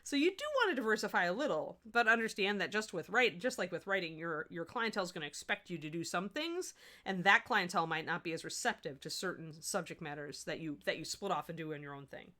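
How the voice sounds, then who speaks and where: A Midwestern American woman hosts a miniature painting livestream, chatting with viewers and answering chat as she works through a tutorial. Her fairly low voice is expressive, bright, and forceful, and she talks fast, often restarting sentences.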